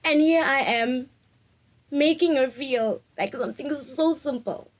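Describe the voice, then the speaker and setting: A woman's voice: sits high, a little slow, poor audio. Laughing young woman. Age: 20s. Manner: open, reflective, laughs often. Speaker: interviewee. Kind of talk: candid personal interview.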